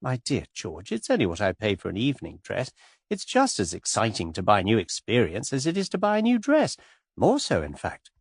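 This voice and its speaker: A breezy young society woman, witty and lightly mocking, spoken softly with lively rises and dips, as a male audiobook narrator voices her. The voice is husky and close, in a dry space. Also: lowish voice, brisk, no echo, full character voice. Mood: teasing. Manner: airy, teasing, softly amused.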